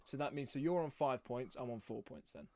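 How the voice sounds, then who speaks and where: A man's voice: mid-range voice, expressive, fairly quick, warm tone. A young man co-hosting a podcast in casual, jokey, self-deprecating chat. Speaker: podcast co-host.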